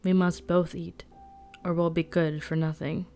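A fierce young archer who talks in a blunt, forceful way, as a woman reads her part. The voice is lowish and smooth. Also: level tone, a little slow, faint music behind.

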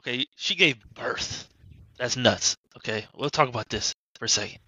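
A man's voice: medium pitch, lively intonation, moderate pace, sharp tone, husky, no room sound, rough recording. A young man telling a casual, swear-laced story about his family on a podcast. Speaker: podcast co-host. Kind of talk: casual chat.

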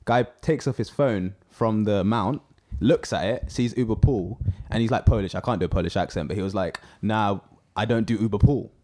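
A young man, co-hosting a casual chat and telling animated stories with lots of fillers. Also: on the low side, brisk. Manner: animated storyteller, many fillers. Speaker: podcast co-host.

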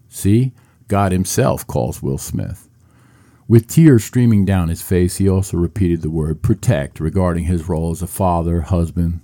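A man's voice: sits low, mellow. A man delivering a scripted opinion commentary in a sarcastic, mocking way.

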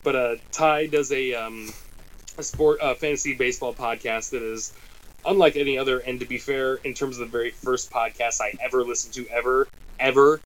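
A man's voice: mid-range voice, low-quality recording. A middle-aged man hosting a golf podcast, talking casually in long rambling asides and jokes. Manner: rambling, self-correcting, joking. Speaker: podcast host and caddie.

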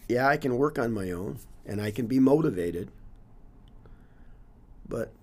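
This man in his sixties has spent years as a teacher and coach, and he speaks earnestly and reflectively in a relaxed interview. His medium-pitched voice is animated but unhurried, and he tends to trail off with loose fillers like "you know, whatever."

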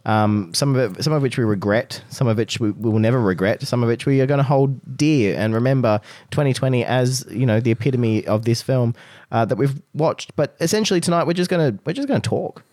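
A man's voice: mid-range voice, a little fast, a little mellow, no echo, studio quality. A man in his thirties hosting a casual podcast, rambling with many fillers and restarts. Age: 30s. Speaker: podcast host.

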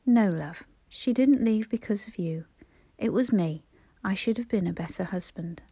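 A woman voicing a gentle, soft-spoken middle-aged son in a storybook reading. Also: medium pitch, moderate pace, slightly rough, dry recording. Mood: sad.

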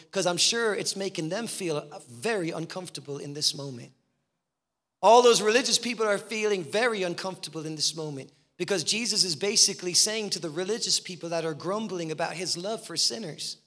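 High-voiced passionate preacher in a hall. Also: male voice, pushed and bright. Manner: passionate, repetitive rhetorical questions. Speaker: guest preacher. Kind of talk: sermon. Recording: long reverb in a hall.

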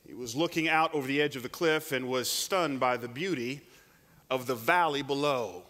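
A man preaching a sermon, telling a story with animated delivery and frequent restarts. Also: medium pitch, normal speed. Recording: long hall reverb.

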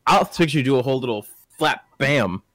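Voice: medium pitch, lively intonation, brisk, fairly bright tone, dry recording, studio quality. A player in a tabletop game who talks playfully and mimics noises. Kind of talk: tabletop role-play chat.

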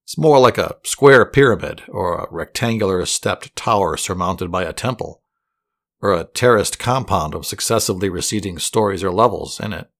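A man voicing a puzzled, pedantic male adventurer who over-explains, a little higher than his usual deep voice. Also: lively intonation, moderate pace, fairly bright tone.

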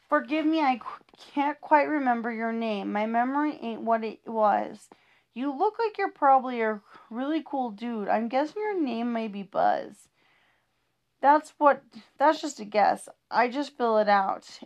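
A woman reads funny rhyming poems for kids with a bouncy, sing-song lilt. Her voice sits a little high, and she stumbles now and then as she reads. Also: animated, measured pace, highs cut off. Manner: playful, sing-song rhythm with small stumbles. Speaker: reader of children's poems. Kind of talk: reading humorous rhyming poems aloud.

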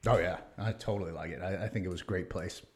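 A middle-aged man on a casual podcast, spinning long anecdotes and jumping into the voices of the people in them. His voice sits a little low, and his delivery stays lively and conversational. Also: fast. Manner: animated storyteller acting out quoted exchanges. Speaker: guest.

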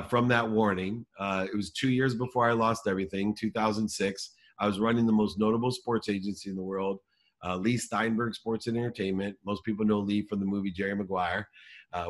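A man in his forties telling a personal story in conversation, earnest and emphatic, slowing down for the key lines. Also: on the low side, fairly bright tone.

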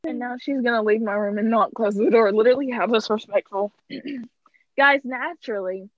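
A woman's voice: a little high, moderate pace, dry recording. A young woman co-hosting a casual podcast over a video call, chatty and full of "literally" and "like.". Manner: chatty, says "literally" and "like" a lot, laughs often. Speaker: podcast co-host. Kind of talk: casual chat. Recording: dull, dry lo-fi call audio.

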